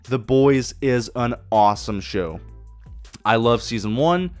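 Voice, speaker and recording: A man's voice: mid-range voice, lively intonation, measured pace, darkish tone, no room sound, soft background music. A man hosting a solo podcast, talking casually and enthusiastically with lots of swearing and restarts. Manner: enthusiastic, profane, rambling with restarts. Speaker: podcast host.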